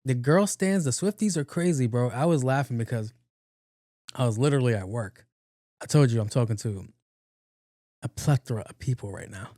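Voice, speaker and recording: A man's voice: mid-range voice, normal speed, pauses often, warm tone, no echo, clean studio sound. A man hosting a solo podcast, telling stories casually in slangy talk full of swearing and acted-out quotes. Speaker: podcast host.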